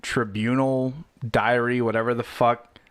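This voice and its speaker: Man, podcast co-host, slow deliberate telling, smooth clear voice, casual and profane. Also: mid-range voice, little pitch movement. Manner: unhurried storytelling with casual swearing. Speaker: podcast co-host presenting the story.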